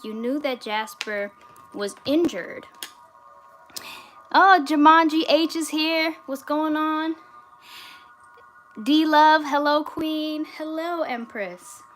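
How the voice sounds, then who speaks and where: A woman hosting a casual livestream from home, reading viewer comments aloud in a relaxed way, with fillers. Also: high-pitched, takes it slowly, faint music behind. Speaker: livestream host. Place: home in the US state of Georgia.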